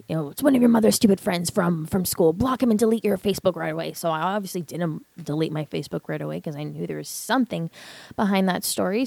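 Young woman podcaster, raw personal story, swears a lot, kinda gravelly, dry close sound. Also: fairly low pitch, warm tone, no echo. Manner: candid, swears often, many fillers. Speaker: podcast host. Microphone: podcast mic.

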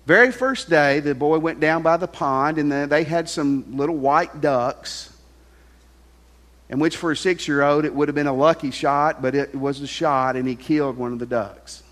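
A pastor preaching a sermon, telling a story and sinking to a soft hush on key lines. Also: male voice, fairly high pitch, expressive, a little slow. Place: large church hall. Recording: long hall reverb with faint music.

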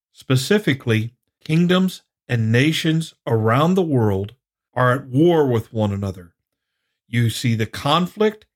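A man giving a sermon-style Bible study, explaining scripture in a measured way and reading passages aloud. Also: medium pitch. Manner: reads scripture aloud in a quoting voice. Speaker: Bible teacher.

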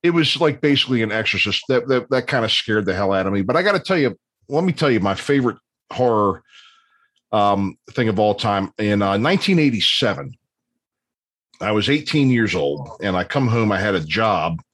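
A man's voice: on the low side, animated, fairly quick, a bit bright, dry recording. A man in his fifties telling long, rambling stories in casual chat, with plenty of ums and restarts. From Baltimore area, USA. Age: 50s.

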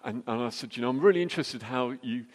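Brief: middle-aged male preacher, anecdotal and jokey, mid-pitched, long hall reverb. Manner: anecdotal and jokey, quick restarts. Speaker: church speaker. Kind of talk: storytelling sermon.

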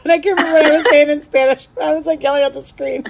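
High-voiced woman gushing in casual chat. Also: brisk. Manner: gushing, laughs often, many "like" fillers. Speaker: podcast co-host.

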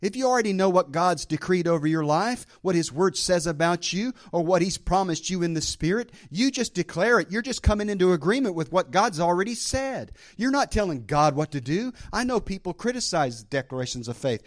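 A male pastor preaching to his congregation, his voice rising and falling in lively swings. He pitches slightly higher than most men and leans hard on his points, punctuating them with amens and praise. It sounds like a live church service. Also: a little fast, hardly any pauses. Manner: emphatic preaching with frequent amens and praise calls. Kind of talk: sermon.

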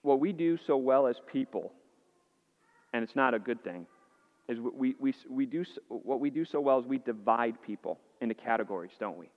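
A man's voice: medium pitch, lively intonation, normal speed. A male pastor preaching a sermon to his congregation. He asks the listeners earnest rhetorical questions and repeats words as he restarts phrases. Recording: dull, echoey hall sound.

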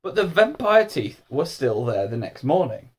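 A man reading a children's storybook aloud, narrating in a lively, expressive way. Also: fairly high pitch, moderate pace, husky. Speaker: audiobook reader.

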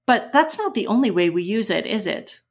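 A woman co-hosting an English-learning podcast, explaining pronunciation and vocabulary clearly and patiently. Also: medium pitch, big pitch swings, moderate pace. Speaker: English teacher co-host. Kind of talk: educational podcast chat.

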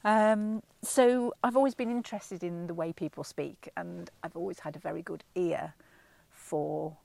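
A middle-aged woman from England speaks as a vocal coach being interviewed, explaining her work at an unhurried, thoughtful pace with plenty of ums and restarts. Her voice sits low and carries a gravelly fry. The sound is close and dry. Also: a little mellow, no room sound. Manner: thoughtful and explanatory, with frequent ums and self-corrections. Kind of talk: relaxed interview answers.

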